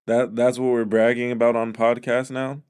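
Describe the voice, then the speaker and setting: A man giving sarcastic, incredulous reaction commentary on podcast clips, with frequent filler pauses. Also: mid-range voice, flat delivery, darkish tone, clean tone.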